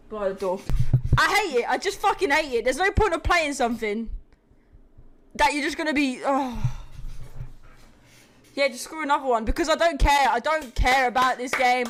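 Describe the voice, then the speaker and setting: A woman's voice: sits high, moderate pace. A woman with an Australian accent, raging and swearing at a video game while streaming. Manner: furious, shouting and swearing. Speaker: gamer in a played clip. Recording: clear background noise.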